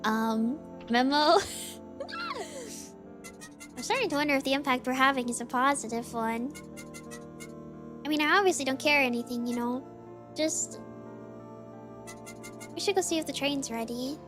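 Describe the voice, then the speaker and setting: A woman streaming a game, reading the characters' lines aloud in quick playful voices. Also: high-pitched, over music.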